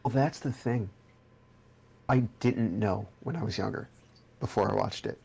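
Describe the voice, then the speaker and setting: Gravelly low-voiced young man, casual podcast chat. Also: unhurried, a little mellow. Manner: rambling, swears casually, restarts sentences. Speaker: podcast co-host.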